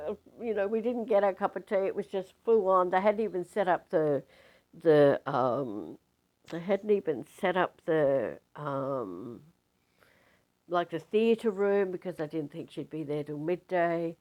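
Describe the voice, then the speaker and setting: An older woman, a spiritual teacher telling a story casually in a rambling, animated way with many fillers. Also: lowish voice, unhurried, poor audio.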